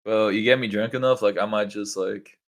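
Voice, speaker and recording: A man's voice: on the low side, fairly even intonation, fairly quick. A young man chatting casually on a podcast, rambling with many fillers as he tells stories. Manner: rambling, lots of likes and bro. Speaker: podcast co-host. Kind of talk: casual chat.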